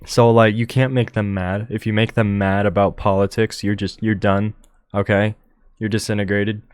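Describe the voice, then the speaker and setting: A young man hosting a solo podcast, talking in a monotone and rambling with many fillers into a close microphone. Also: on the low side, moderate pace, clear, resonant tone, dry recording. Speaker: podcast host.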